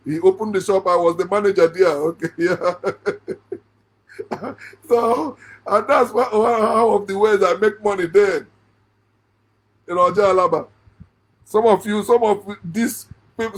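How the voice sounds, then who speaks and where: A man's voice: high voice, slightly rough. A middle-aged man with a Nigerian accent, giving a sarcastic, laughing monologue about a Bible passage. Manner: laughs often, sarcastic, rising into shouts. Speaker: online Bible commentator. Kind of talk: mocking monologue on scripture.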